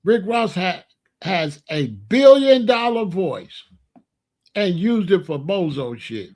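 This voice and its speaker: A man's voice: high voice, sing-song, slow pace, a little mellow. A young man giving a ranting commentary, incredulous and exasperated as he scolds and asks questions.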